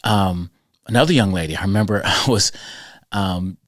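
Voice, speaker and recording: A man with a fairly low voice tells school stories on a podcast, animated and conversational. He slips in and out of quoted voices as he goes. The sound is dry and close, with little room around him. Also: moderate pace, no room sound. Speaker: podcast host and school character-education speaker. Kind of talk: conversational storytelling.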